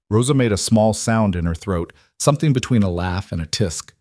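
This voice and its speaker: Low-voiced male story narrator. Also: no room sound, studio quality. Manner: measured, even storytelling.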